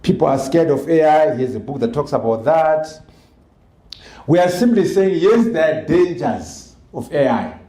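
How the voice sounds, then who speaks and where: A Zimbabwean man speaks loudly and emphatically at a book launch, his pitch leaping up and down as he hammers home rhetorical questions. His voice is somewhat high yet mellow, and it rings out in an echoey hall. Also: expressive, unhurried. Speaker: author giving a speech. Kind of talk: public speech at a book launch. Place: event hall in Harare.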